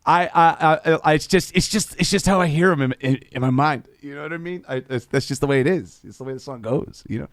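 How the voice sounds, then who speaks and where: Jersey guy w rambling on his stream, stumbly slangy talk, kinda high voice. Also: brisk, few pauses, dry recording, clean studio sound. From New Jersey. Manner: rambling and laid-back, stumbles over words, slangy. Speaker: live-stream host and singer. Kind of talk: casual chat between songs on a live stream.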